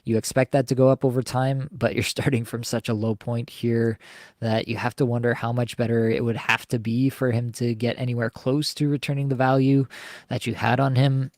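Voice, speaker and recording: A man hosting a live fantasy hockey podcast, talking through player analysis and listener questions in a measured way with frequent ums and uhs. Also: mid-range voice, little pitch movement, darkish tone, dry recording, clean studio sound.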